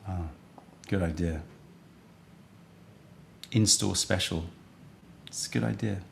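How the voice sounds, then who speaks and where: Low gravelly guy rambling on a live tea stream, chatty and loose. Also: takes it slowly, a little hiss or hum. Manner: rambling, chatty, thinks aloud. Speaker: livestream host selling tea. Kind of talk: casual live-stream chat.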